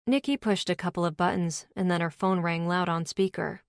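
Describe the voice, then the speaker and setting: A woman narrating a romance audiobook in first person, steady and even, on a close studio mic. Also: lowish voice, fairly quick, hardly any pauses, smooth, dry recording.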